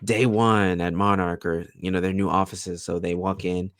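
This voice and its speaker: A man's voice: low voice, little pitch movement, moderate pace, no room sound, clean studio sound. A man co-hosting a casual TV recap show, steadily retelling the plot with fillers like "you know". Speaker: podcast co-host.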